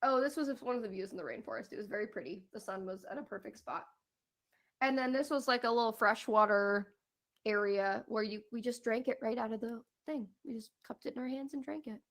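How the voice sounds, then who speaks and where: A woman's voice: fairly high pitch, a little fast. A woman co-hosting a podcast, telling a travel story in casual chat and filling her talk with "like" and "um". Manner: chatty, fillers like "like" and "um". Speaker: podcast co-host sharing travel stories. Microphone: streamed podcast mic.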